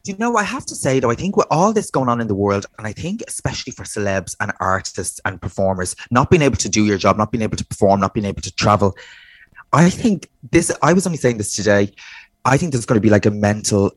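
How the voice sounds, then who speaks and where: A young Irish man with a somewhat low voice chats on a podcast, telling stories in an animated way, acting out other people's lines and laughing often. The recording is dry and close, with no room sound. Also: quick pace, no echo. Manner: animated storyteller, acts out quotes, laughs often. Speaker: podcast co-host, drag performer. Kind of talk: casual chat.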